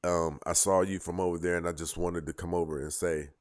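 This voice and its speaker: Man doing a halting, submissive shy-guy parody. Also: deep voice, steady tone, dry recording, clean studio sound, pitched below the performer's own voice, natural voice. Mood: sheepish. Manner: hesitant, sheepish parody. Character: nervous, submissive young man approaching a woman.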